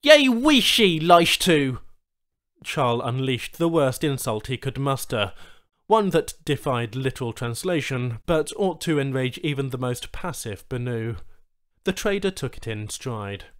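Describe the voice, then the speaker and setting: A medium-pitched man reads a science fiction short story aloud at a measured pace. He is an audiobook narrator performing scripted narration with expressive storytelling.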